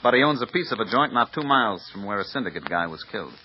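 A man playing a brisk, businesslike police lieutenant. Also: fairly low pitch, expressive, close to an everyday voice. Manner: matter-of-fact, businesslike. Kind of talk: 1950s radio drama acting. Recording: muffled old radio recording with hiss.

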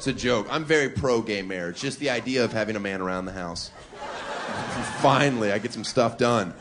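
A man's voice: on the low side, moderate pace. A man performing provocative live stand-up comedy on a club stage, with mock-defensive asides. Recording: live club with loud crowd noise.

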